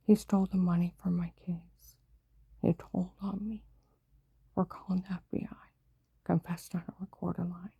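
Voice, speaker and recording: Gravelly, breathy woman whispering urgently. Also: on the low side, level tone, normal speed, long pauses, dry recording, highs cut off. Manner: mostly unvoiced whisper with sudden louder outbursts; breathless, urgent, run-on storytelling. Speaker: vlogger. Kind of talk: rambling personal monologue.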